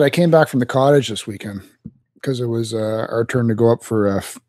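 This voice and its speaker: Male co-host, average pitch, offhand deadpan delivery, dry mic. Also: no room sound. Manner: laid-back, deadpan, offhand. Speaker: podcast co-host. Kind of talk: casual podcast chat.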